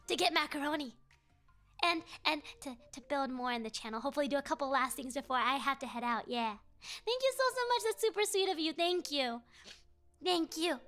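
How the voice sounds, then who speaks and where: A young woman chatting on a casual livestream, bubbly and playful, thanking viewers again and again and slipping into a softer mumble when she muses. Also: sits high. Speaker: VTuber streamer.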